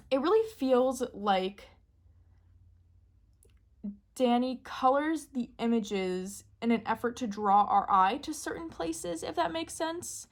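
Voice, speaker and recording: A woman in casual, excitable chat, gushing and giggling as she shows off a new deck. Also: on the high side. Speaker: tarot deck reviewer.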